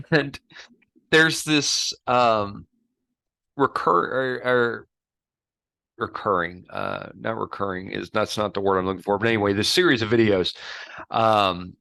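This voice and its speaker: A man co-hosting a podcast in casual chat, rambling and halting, often breaking into laughter. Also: on the low side, fairly even intonation, vocal fry, bright, forceful tone, dry recording, studio quality. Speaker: podcast co-host.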